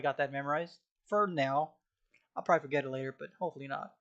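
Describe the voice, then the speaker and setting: A young man with a slightly hoarse voice that sits a touch high talks to himself at home while he studies. He murmurs and repeats lines over and over as he commits them to memory, in a loose, offhand study-vlog way. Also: quick pace, fairly bright tone. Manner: mutters and repeats phrases while taking notes. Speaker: student. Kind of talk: casual study vlog, reading aloud and memorizing.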